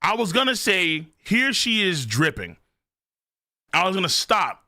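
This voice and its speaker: A man reacting live to a manga chapter on stream, excitable and profane, reading lines aloud and shouting at big moments. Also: sits high, a little slow, no echo, clean studio sound.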